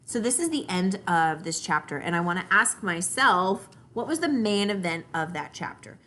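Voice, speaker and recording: A woman teacher reads a children's chapter book aloud and then talks through it for a reading lesson. Her voice is bright and clear, and it moves up and down in a very lively, expressive melody. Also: on the low side, normal speed. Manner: expressive, guiding storytelling.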